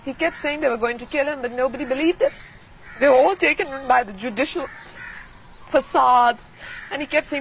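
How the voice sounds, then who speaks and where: A young woman in her twenties, recalling painful events in a quiet, measured way during a recorded news interview. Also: high-pitched, a little hiss or hum, poor audio. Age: 20s. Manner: quiet, measured, grieving recollection.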